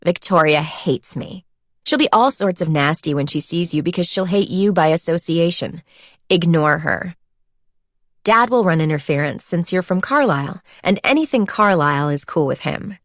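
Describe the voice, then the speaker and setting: A sardonic rich college girl, airy and dismissive, voiced by a woman narrator in a low-pitched voice. Her lines come across dry and close in a storybook reading. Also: animated, moderate pace, dry recording, close to an everyday voice.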